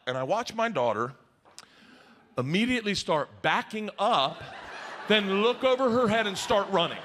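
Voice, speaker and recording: A man's voice: sits high, very animated, normal speed, fairly bright tone. A middle-aged man doing stand-up, telling a profane, exasperated story. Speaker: stand-up comedian. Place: comedy stage before a live audience. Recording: live set with audience noise.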